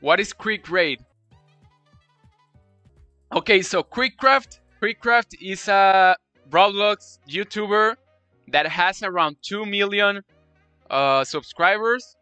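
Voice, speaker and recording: A man chats excitedly to his live-stream viewers, repeating phrases and pouring out thanks. His voice is high and bright, heard close and dry. Faint game music plays underneath. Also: takes it slowly, pauses often, clean tone, dry recording. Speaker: Roblox streamer.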